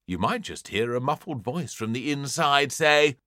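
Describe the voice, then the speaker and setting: A man's voice: medium pitch, animated, normal speed, sharp tone, no echo, clean studio sound. A British man narrating a comic children's story in a theatrical, playful way. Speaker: audiobook narrator.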